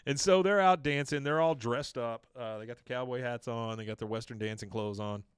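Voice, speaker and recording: A man co-hosting a podcast, casually recapping a cartoon episode and jumping into quick put-on voices for the characters' lines. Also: medium pitch, smooth, no room sound, studio quality.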